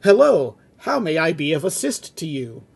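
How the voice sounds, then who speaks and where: Officious phone operator, read by a man, curt and formal, high and husky. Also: very animated, normal speed, full character voice. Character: prim, overworked phone operator. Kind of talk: comic script reading.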